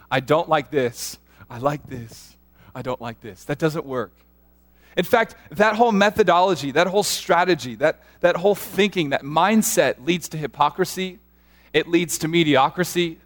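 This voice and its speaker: A male pastor preaches a sermon in an earnest, animated way, telling stories and often restarting his sentences. His voice is on the high side.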